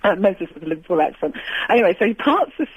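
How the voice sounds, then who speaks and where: A woman's voice: medium pitch, big pitch swings, fast, breathy edge, no echo. A woman calling in to a radio show, telling a long story in a rambling, hesitant way with frequent laughter over a phone line. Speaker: caller. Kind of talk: phone-in chat.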